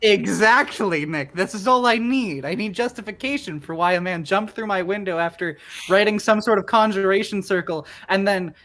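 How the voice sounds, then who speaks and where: A woman's voice: mid-range voice, moderate pace, fairly bright tone. A woman playing a tabletop game, declaring her character's actions and laughing often. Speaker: player. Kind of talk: casual game chat.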